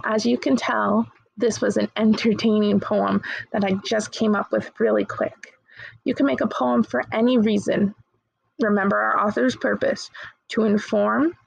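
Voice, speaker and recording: Woman teacher, gentle and encouraging, husky voice, dry close sound. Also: on the high side, no room sound, poor audio. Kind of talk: recorded remote lesson, reading poems aloud.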